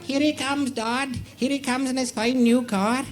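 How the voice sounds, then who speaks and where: A man's voice: very high-pitched, steady tone, a little slow, music in the background. A man voicing a cheeky young farmer's son, with a northeast Scottish accent and a pushy manner. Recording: echoey, hissy tape copy.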